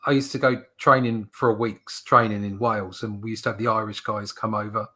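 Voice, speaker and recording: British male host, casual rambling talker, bright forceful tone. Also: fairly low pitch, flat delivery, brisk. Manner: rambling, lots of fillers and restarts. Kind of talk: casual chat.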